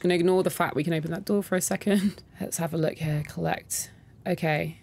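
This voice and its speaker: A woman's voice: on the low side, steady tone, a little fast, gravelly, darkish tone, husky. A woman doing casual let's-play commentary, chatty and reactive, reading in-game documents aloud and talking straight to her viewers. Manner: talks to her viewers directly. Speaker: gaming content creator.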